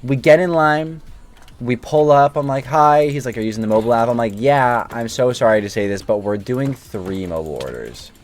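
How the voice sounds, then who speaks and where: A man's voice: mid-range voice, brisk. A man hosting a gaming video, casually telling a long, self-deprecating story while he plays. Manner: chatty, self-deprecating, apologetic anecdote.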